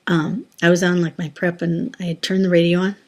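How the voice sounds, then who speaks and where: A woman's voice: on the low side, level tone, brisk. A woman telling a personal faith story in a casual, rambling way, with many fillers and restarts. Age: adult, former teacher. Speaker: Christian sharing a testimony.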